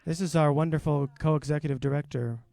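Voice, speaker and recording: A man hosting a live open mic in a relaxed, rambling way with many fillers, speaking into a stage mic. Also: a little high, fairly quick, gravelly, no echo. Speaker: open mic host and educator.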